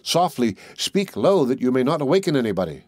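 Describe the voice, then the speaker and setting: Sly, jumpy thieves plotting in hushed tones, as a male narrator puts them on, only a little lifted from his normal voice. The sound is close and dry, with no room around it. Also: mid-range voice, big pitch swings, fairly quick, dry recording. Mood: furtive. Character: two scheming adult male thieves.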